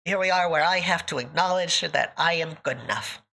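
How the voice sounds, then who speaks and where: A woman streamer with a fairly low, gravelly voice speaks briskly in a bright, forceful tone. Chatting casually with her live viewers, she's emotional and almost in tears, often laughing between thank-yous.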